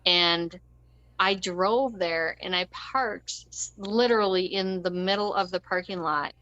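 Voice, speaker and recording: A woman's voice: fairly low pitch, measured pace, a bit bright, dry recording, muffled recording. A woman telling a personal story as an interview guest, rambling and conversational, with frequent ums and short laughs.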